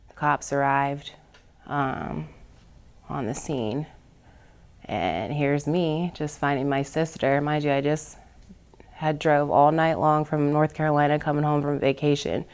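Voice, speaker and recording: Earnest low-voiced woman telling a story. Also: steady tone, unhurried, clear, resonant tone. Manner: earnest, builds from quiet to heated retelling. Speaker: panel guest. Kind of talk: personal story in a panel discussion.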